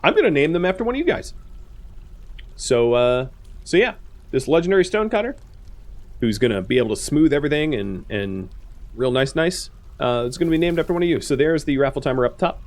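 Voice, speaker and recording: A man giving casual let's-play commentary, talking straight to the characters on screen, with excitable outbursts and quiet muttered asides. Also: fairly high pitch, a little fast. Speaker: gameplay commentator.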